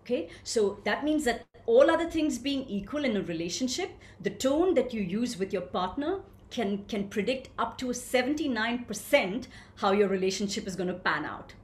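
Animated woman coaching a group on voice. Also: on the high side, moderate pace, few pauses, reverberant. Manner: animated, asks the group questions and answers them. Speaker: voice coach leading a workshop. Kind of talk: live online workshop teaching.

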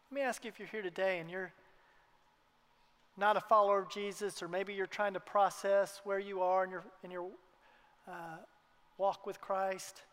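A man preaching a sermon to his congregation in a church, earnest, sometimes dropping to a hushed tone for emphasis. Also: high-pitched, smooth. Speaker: pastor. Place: church hall. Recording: long hall reverb.

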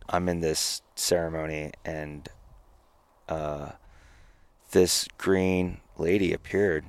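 A man with a very low voice tells a personal story as a podcast guest. He talks in an animated way, stumbling and restarting his sentences. The sound is close and dry. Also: slow, clean tone, no room sound. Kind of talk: casual storytelling.

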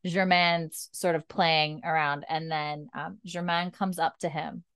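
Chatty woman recapping, lowish voice. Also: steady tone, measured pace, fairly bright tone, clean tone, no room sound. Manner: chatty, filler-heavy storytelling. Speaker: podcast host. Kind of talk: casual episode recap.

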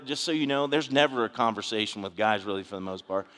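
A man's voice: on the low side, fast, a bit bright. A man preaching a conversational sermon as a pastor, telling a story earnestly with frequent restarts. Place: church sanctuary. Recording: long hall reverb.

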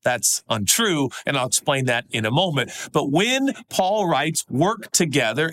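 Preaching conversationally, a middle-aged pastor alternates between animated, high-pitched passages and quiet, low pleading.

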